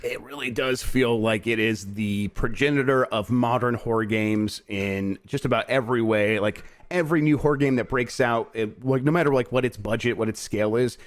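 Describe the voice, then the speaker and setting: A man hosting a casual video game podcast, laughing often and talking in quick bursts. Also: medium pitch, dry recording. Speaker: podcast host. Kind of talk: casual chat.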